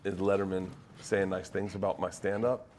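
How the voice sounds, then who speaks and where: A lower-pitched man, a comedian, trades stories in casual chat. He gets excitable and jumps up high when he mimics the people in his stories, over a faint background hiss. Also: moderate pace. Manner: excitable storyteller, swings high to act out quotes. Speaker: stand-up comedian.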